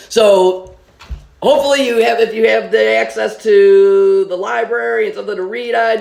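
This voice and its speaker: A woman teacher reading a children's book aloud to her students like a friendly storyteller, slowing down for emphasis. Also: mid-range voice, gravelly, echoey room.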